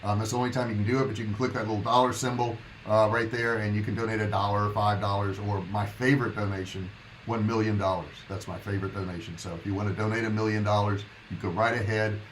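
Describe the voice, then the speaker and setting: A man's voice: on the low side, level tone, fast, few pauses, slight background noise, poor audio. A man hosting a casual live stream, talking to his viewers in a loose, rambling, chatty way. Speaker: livestream host.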